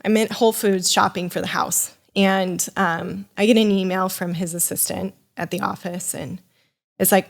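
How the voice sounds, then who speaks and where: A young woman tells a personal story as a podcast guest, talking in a loose, animated way. She circles back and restarts her sentences often, and she slips into quick voices for the people she quotes. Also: mid-range voice, creaky. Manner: animated, rambling with many restarts and fillers. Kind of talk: casual storytelling.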